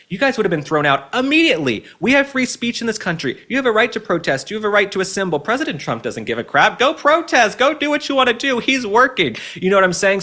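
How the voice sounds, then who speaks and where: A man's voice: medium pitch, fairly bright tone. A man hosting an opinionated commentary show, talking in a sassy, campy way with mocking asides. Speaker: host.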